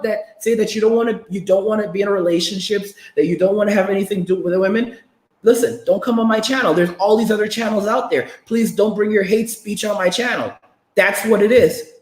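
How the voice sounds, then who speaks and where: Man, crypto stream host, high voice, agitated rant, repeats and restarts, roomy echo. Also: fairly quick. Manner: agitated, repetitive, stammering restarts.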